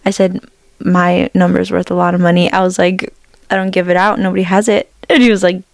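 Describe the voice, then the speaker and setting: A woman's voice: lowish voice, level tone, fairly quick, vocal fry, darkish tone, no echo. A woman in her twenties co-hosting a podcast, chatting casually and telling a story while acting out the voices of the people in it. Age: 20s. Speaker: podcast co-host. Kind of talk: casual chat.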